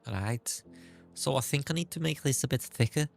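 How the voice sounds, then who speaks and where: A man putting on a gravelly Scouse lad. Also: mid-range voice, moderate pace, soft background music, voice pushed up, lightly acted. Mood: cheeky. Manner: cheeky, swearing, rambling. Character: chatty Scouse lad, the streamer's own put-on accent. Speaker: streamer. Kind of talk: casual live-stream chat in a put-on accent.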